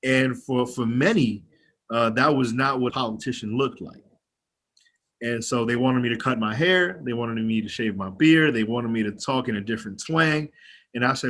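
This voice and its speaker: A man's voice: mid-range voice, normal speed, fairly bright tone. A young man with a twang in his voice, a county legislator giving a candid, rousing speech over a video call and swearing freely. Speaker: county legislator speaking to an activist group. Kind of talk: personal speech at an online meeting.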